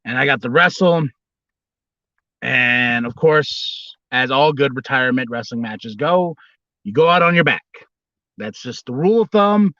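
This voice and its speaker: A man in his thirties hosting a casual livestream as a former wrestler, telling a story with rambling restarts and bursts of high, squealing impressions. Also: lively intonation, a little slow, bright, forceful tone, no echo, dull audio.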